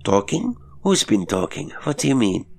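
A man's voice: sits low, moderate pace, creaky, breathy edge, full character voice. A man voicing a Polish governess woman who tries to sound firm and ordinary while her nerves shake. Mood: alarmed. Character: tense Polish governess woman, anxious but commanding.

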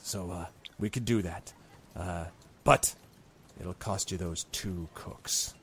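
A man voicing a sly, haggling male goblin chief who hesitates with many ums and then breaks into loud, high outbursts. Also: big pitch swings, moderate pace, vocal fry, slight background noise. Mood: conspiratorial.

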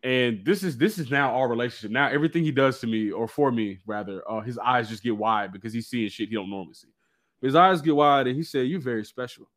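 A man telling a personal story in casual chat, animated and slangy. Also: medium pitch, fast talker. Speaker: guest.

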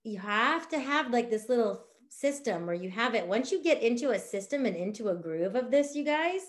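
A woman teaching a sales class, chatty and animated, acting out little dialogues as she explains. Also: medium pitch. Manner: animated, acts out dialogue with big voices. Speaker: essential oil sales trainer.

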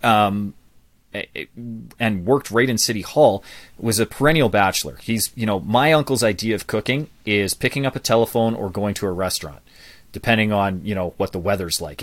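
A man around forty, a public speaking coach, telling his life story as a guest in an interview with lively asides. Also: on the low side, brisk, dry recording. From Canada.

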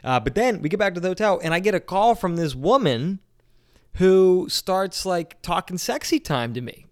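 A man's voice: high-pitched, sing-song, brisk. A young man telling a long casual story, rambling with lots of fillers like "you know what I mean". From Pittsburgh area, Pennsylvania.

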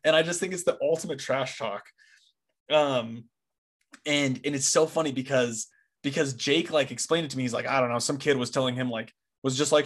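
Excitable young man saying "dude". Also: medium pitch, brisk. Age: young adult. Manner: excitable, says "dude" a lot. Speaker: podcast co-host. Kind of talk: casual sports chat.

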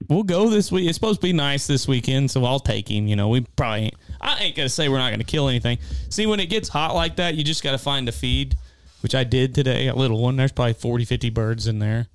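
Folksy man, smooth and dry. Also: medium pitch, fast, no echo. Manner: folksy, animated storyteller with rural grammar. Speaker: co-host of an outdoors hunting show. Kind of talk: casual storytelling chat.

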